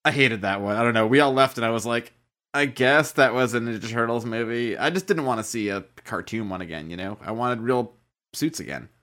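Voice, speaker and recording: A man in the middle of an easygoing podcast chat, co-hosting with friends. He tells stories in an animated way and swears freely. His voice sits at an ordinary, mid-range pitch. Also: a little fast. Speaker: podcast co-host.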